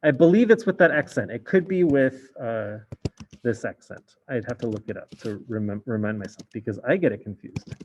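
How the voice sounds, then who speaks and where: A man's voice: medium pitch, expressive, normal speed, darkish tone, muffled recording, a little hiss or hum. A man teaching a French class in a casual explaining way, with many fillers. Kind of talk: recorded class lesson.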